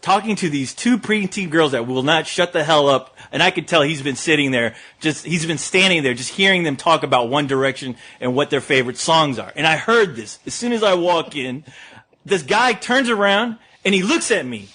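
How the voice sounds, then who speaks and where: A man's voice: on the high side, lively intonation, normal speed, pushed and bright. A man who reviews movies, telling a story in casual podcast chat and laughing often as he talks.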